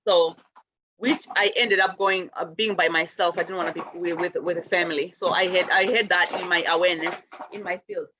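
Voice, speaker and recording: A middle-aged woman hosting a spiritual show, teaching gently in a loose, rambling way with many restarts. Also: fairly low pitch, fairly even intonation, fairly quick, highs cut off, a little hiss or hum.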